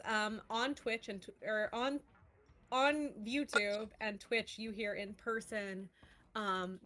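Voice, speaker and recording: Bright-voiced woman game master. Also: mid-range voice. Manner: chatty, filler-heavy narration. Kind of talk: narrating a tabletop game.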